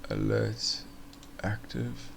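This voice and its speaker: A man's voice: fairly low pitch, little pitch movement, extremely slow, creaky, heavy background noise. A man casually walking through forex charts on a live stream, thinking aloud with fillers and restarts.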